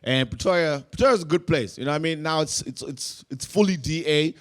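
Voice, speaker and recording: A young man, doing animated stand-up storytelling and acting out voices. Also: a little high, quick pace. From South Africa. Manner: animated, acts out voices, laughs through lines. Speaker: stand-up comedian. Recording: noisy live room.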